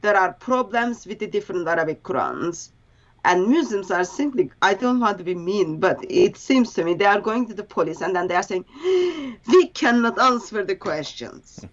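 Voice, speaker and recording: Halting, earnest woman on dull audio. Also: mid-range voice, expressive. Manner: halting, earnest, with grammar slips. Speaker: interview guest.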